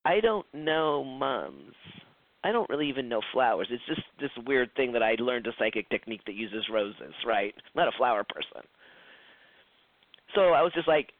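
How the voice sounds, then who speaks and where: A psychic development instructor with a medium-pitched, expressive voice gives a recorded class lecture at normal speed. The audio is tinny, phone-like, lo-fi and dry, and he's chatty, acting out quoted dialogue and often restarting sentences.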